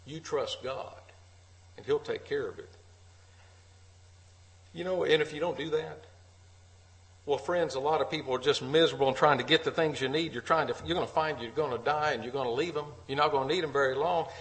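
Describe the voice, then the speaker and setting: A man's voice: fairly high pitch, fairly quick, long pauses, fairly bright tone, rough recording. A man preaching an earnest sermon at a church meeting, repeating key phrases for emphasis.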